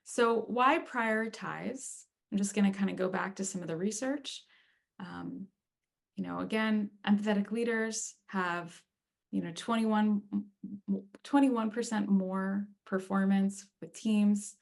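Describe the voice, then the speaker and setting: Woman with gravelly voice giving webinar talk. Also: medium pitch, steady tone, unhurried. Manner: conversational, frequent fillers. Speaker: speaker on leadership and empathy.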